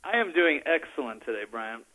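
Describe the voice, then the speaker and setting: A man calling in as guest co-host, talking politics with many fillers, pauses and chuckles. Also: on the high side, big pitch swings, pushed and bright, poor audio. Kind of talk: casual political chat. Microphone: phone call.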